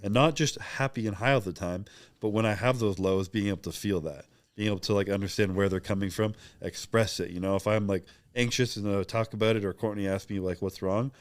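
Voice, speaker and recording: Man, rapid delivery, slightly low voice, candid interview guest who reflects openly. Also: steady tone. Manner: candid, reflective, acts out quoted talk. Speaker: podcast guest, pro bodybuilder. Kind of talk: casual interview talk.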